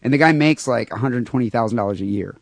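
A man's voice: medium pitch, fast talker, vocal fry, no echo. A man co-hosting a casual podcast, talking offhandedly and irreverently, often repeating words as he starts a thought. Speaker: podcast co-host.

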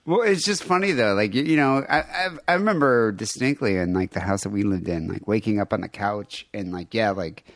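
A man's voice: lowish voice, a little fast, hardly any pauses, fairly bright tone, dry recording. Sarcastic male podcast host, dry sound. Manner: crude, sarcastic. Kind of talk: casual comedic chat.

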